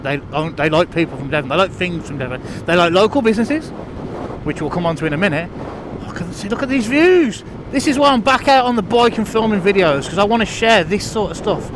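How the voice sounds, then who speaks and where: With background noise behind him, a high-pitched man vlogs as he cycles country lanes. He rambles casually and pokes fun at himself, often restarting and using fillers.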